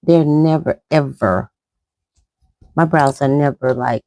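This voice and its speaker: Here a middle-aged woman vlogger rambles chattily through a casual makeup tutorial as she applies it. She speaks slowly in a low-pitched, warm voice, with no echo.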